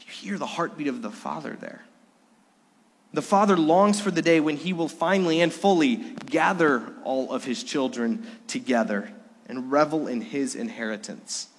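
A middle-aged man delivers a sermon in a somewhat high voice, building to emphatic peaks and then dropping to hushed, intimate lows. His voice rings out with a long reverb, as if in a church sanctuary. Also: normal speed. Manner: preaching with rising emphasis and soft, hushed lows. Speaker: pastor.

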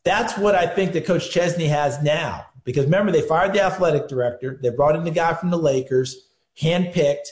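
Male football analyst, slightly higher voice, emphatic storyteller, roomy echoey line. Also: normal speed, a little mellow. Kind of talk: sports radio interview.

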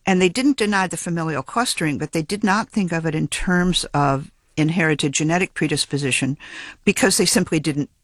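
A man with a fairly high voice speaks as a geneticist in an interview. He explains his science in a measured, precise and academic way, sometimes restarting a phrase. The sound is dry and close, with no room echo. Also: fairly bright tone.

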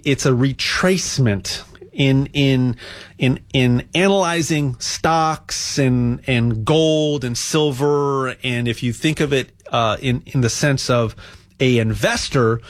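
A man giving a casual, rambling sales monologue on gold, repeating words and ranting with rising energy. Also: a little high. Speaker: gold promoter.

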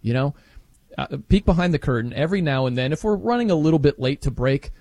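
Male sports radio host, slightly high voice, dry close studio sound, brisk and upbeat. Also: lively intonation, darkish tone, no echo. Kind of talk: sports radio talk and ad reads.

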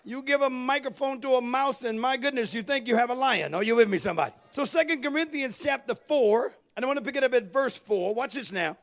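Really high-pitched guy preaching, call and response, goes half singing and shouting. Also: brisk, hardly any pauses. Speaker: pastor. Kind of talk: sermon.

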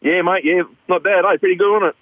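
A man's voice: sits high, steady tone, fast talker, no echo. An Australian man calling in to a radio show, laid-back and saying mate a lot. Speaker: caller. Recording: phone line into radio.

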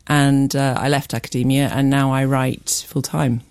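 A middle-aged woman, a writer and commentator, answering interview questions in a radio studio in a measured, hesitant way with many fillers. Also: extremely low pitch, little pitch movement, a little mellow, clear, resonant tone, no room sound. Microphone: studio microphone.

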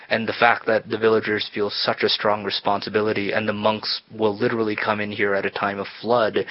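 Low flat-voiced male guide explaining. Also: vocal fry, lo-fi sound. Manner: measured, informative explaining. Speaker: guide and researcher. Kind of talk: explanatory interview answers.

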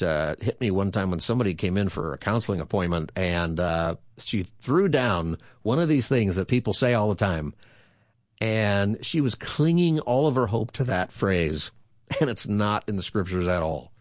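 A man with a lowish voice hosts a call-in radio show as a pastor. He talks in an easygoing, conversational way, reading out the phone number again and again. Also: lively intonation, moderate pace, no echo.

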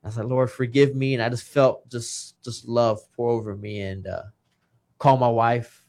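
A man's voice: mid-range voice, fairly even intonation, moderate pace, a little mellow. A man, a retired boxer, telling a personal story in an earnest, emotional way and quoting the people in it. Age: 30s. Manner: emotional, earnest, quotes others' words. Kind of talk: personal storytelling in casual chat.

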